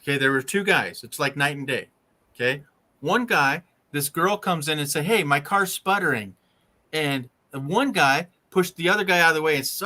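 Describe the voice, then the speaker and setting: Male host, emphatic coach type, slightly high and bright, always checks in with the listener. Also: normal speed. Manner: emphatic, keeps checking in with "right?" and "okay?". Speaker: RV channel host. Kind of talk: casual coaching chat.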